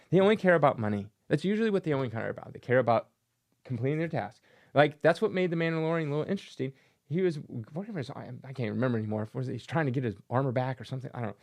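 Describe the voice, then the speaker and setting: A man's voice: fairly high pitch, lively intonation, very fast, darkish tone. A man hosting his own channel, giving a casual, sarcastic opinion rant and mocking things with silly voices. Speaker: comic collector channel host.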